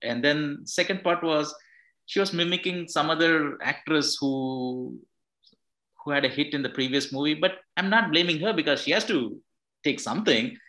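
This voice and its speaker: A man's voice: a little high, normal speed, sharp tone, low-quality recording. A man, a film director giving a thoughtful interview answer and restarting his phrases as he explains. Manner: thoughtful, repeats words and restarts while explaining.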